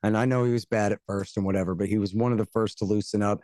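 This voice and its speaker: A man from the United States, a guest on a casual podcast interview, talking bluntly and sarcastically, with fast rants and mocking quoted voices. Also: lowish voice, fairly even intonation, mellow, no echo. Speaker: guest, antiwar radio host and author.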